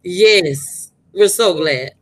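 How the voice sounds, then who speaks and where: A woman co-hosting a podcast, telling stories in a loud, animated way, swearing freely and laughing often. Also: lowish voice, very slow, crowd noise, low-quality recording. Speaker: podcast co-host. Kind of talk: casual chat and storytelling.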